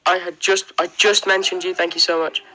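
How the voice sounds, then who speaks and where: A man's voice: sits high, level tone, a little fast, bright, forceful tone, poor audio. An Irish man chatting casually on a livestream, rambling through viewer questions with plenty of ums and likes and frequent laughs. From Ireland. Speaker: livestream host.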